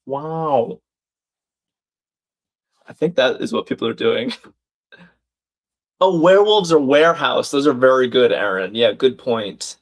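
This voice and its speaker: A man's voice: medium pitch, animated, normal speed. A man hosting a live crossword stream, thinking aloud, reading out viewers' chat comments and laughing often.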